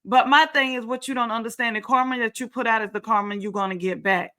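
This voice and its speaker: Talking fast in a fairly high, pushed, bright voice with fairly even intonation, she hosts her own talk show about reality TV. The commentary is casual, emphatic and repetitive, laced with sarcastic asides, recorded on a home setup with screen sharing.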